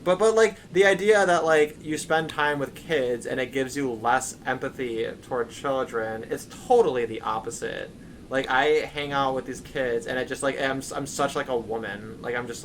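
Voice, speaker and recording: This young man, an English teacher of young kids who also co-hosts a stream, speaks casually at normal speed in a steady, medium-pitched voice. He rambles through stories loaded with "like" and "right?". The recording is rough, with a little hiss or hum.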